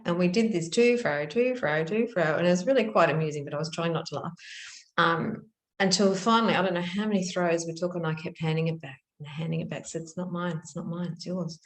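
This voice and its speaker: A middle-aged woman teaching about spiritual practice in a gentle, earnest manner, telling stories with soft restarts. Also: on the low side, reverberant. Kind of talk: reflective spoken teaching.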